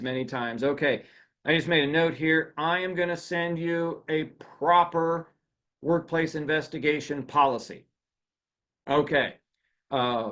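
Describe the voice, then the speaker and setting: A man giving a live seminar on workplace rules, animated and often turning questions back to his audience. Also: on the high side, highs cut off. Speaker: workplace law and HR seminar speaker.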